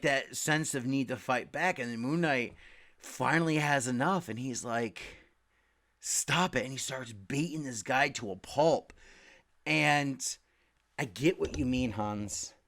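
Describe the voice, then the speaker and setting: A young man talking casually about comics, rambling, swearing freely and loudly acting out quotes. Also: medium pitch, measured pace. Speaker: comic book podcast host. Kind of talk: casual comic review rant.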